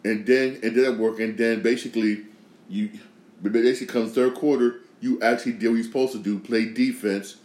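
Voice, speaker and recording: A man's voice: medium pitch, steady tone, fairly quick, a little mellow. A man hosting a podcast, giving opinionated sports and news commentary in an emphatic way, repeating phrases and restarting sentences. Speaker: podcast host. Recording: echoey room.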